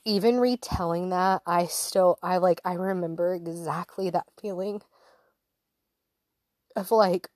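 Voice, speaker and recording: A woman in her thirties sharing a personal faith story in a chatty, candid way, laughing easily and dropping to soft whispers. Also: lowish voice, steady tone, a little slow, long pauses, no echo, clean studio sound. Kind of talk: casual personal testimony to an audience.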